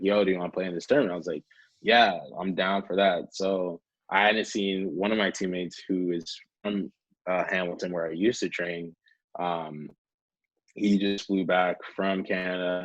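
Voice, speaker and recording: In a rough, dry recording, a young guest from North Carolina who plays pro hockey rambles through casual stories. His voice is low with a fairly bright tone, and he fills his speech with "like" and acts out what people said.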